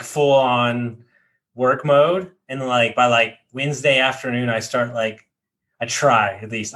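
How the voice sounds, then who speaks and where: A man's voice: medium pitch, fairly bright tone. A man hosting a podcast in casual chat, loose and full of fillers. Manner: loose, filler-heavy, frequent "like". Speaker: podcast host.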